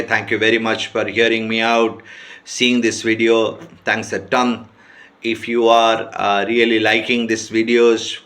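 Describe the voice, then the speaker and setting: Man, sales trainer, fairly low voice, informal teaching, many fillers, checks in with listeners. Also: a bit bright. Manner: repeats checking questions and hesitates with many fillers. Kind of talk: informal teaching talk to camera.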